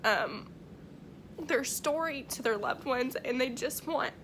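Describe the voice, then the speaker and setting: A woman working as a medium, talking emotionally in a vlog, close to tears, halting with many restarts and fillers. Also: high-pitched, a bit bright, slight background noise.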